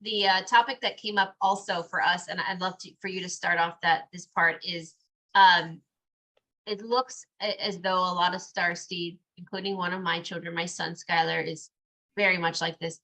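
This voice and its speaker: A woman hosting a podcast, talking earnestly in casual conversation and turning animated when she quotes children. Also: on the low side, normal speed. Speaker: podcast host.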